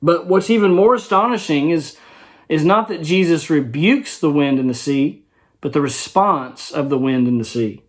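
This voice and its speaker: A man's voice: a little high, normal speed. A man teaching a Bible study in a conversational way, explaining a passage verse by verse and checking in with his listeners.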